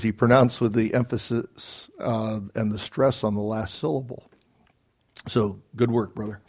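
A man preaching a sermon as pastor, earnest and building to emphatic peaks, with casual asides. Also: on the high side. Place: church.

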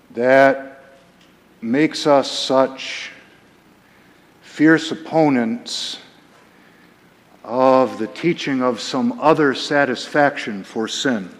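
Slow-preaching man in a reverberant hall. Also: mid-range voice. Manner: emphatic preaching, swings between soft and loud. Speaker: pastor. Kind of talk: sermon.

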